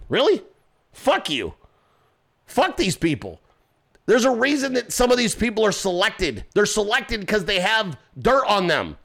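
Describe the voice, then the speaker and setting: Brash male commentary host, swearing rant, lively swooping delivery, bright forceful tone. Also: high-pitched. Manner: profane, confrontational ranting; mocks people with quoted voices.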